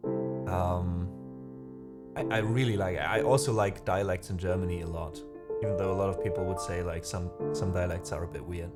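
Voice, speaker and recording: A man's voice: deep voice, fairly even intonation, normal speed. A man whose first language is not English, hosting a music livestream and chatting casually with viewers, rambling and laughing at himself. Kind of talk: casual chat reading viewer comments.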